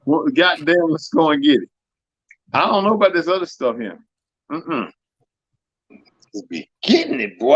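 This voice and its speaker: A man hosting a live stream, telling stories in a profane, animated way that swings from loud to soft. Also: high voice, normal speed, long pauses, dry recording, muffled recording. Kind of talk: casual storytelling chat.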